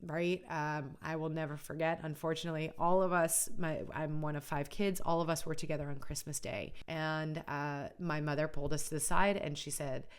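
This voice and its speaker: Earnest middle-aged woman host with a low voice, chatty educational delivery. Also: fairly even intonation, moderate pace, hardly any pauses, clean tone. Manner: earnest, conversational, often adds "right?". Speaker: college funding educator and channel host. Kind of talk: casual educational video talk.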